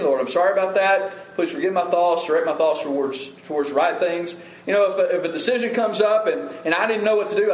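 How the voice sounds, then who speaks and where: A middle-aged man preaches in a church sanctuary, earnest and conversational, tripping over his words as he goes. His voice sits a little high for a man. The room adds a noticeable echo. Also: slight background noise. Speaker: pastor. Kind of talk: sermon.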